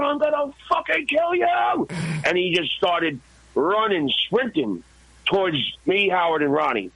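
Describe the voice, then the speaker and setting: A man, a guest and former radio intern, telling an animated, profane story in a podcast interview. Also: on the high side, no room sound, muffled recording. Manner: profane, excited, acts out his own shouts.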